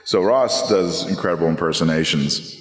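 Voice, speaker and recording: A man's voice: deep voice, moderate pace. A male actor on a live convention panel, joking at his own expense. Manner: self-mocking, joking. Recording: echoey hall, live event.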